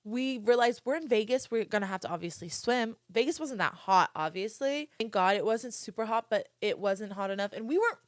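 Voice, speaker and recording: High-voiced drawling woman telling a story. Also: animated, fairly quick, hardly any pauses, dry recording, studio quality. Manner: drawls and elongates words, sounds slurred when tired; swears casually, chatty asides to listeners. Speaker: podcast host. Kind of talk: casual storytime chat.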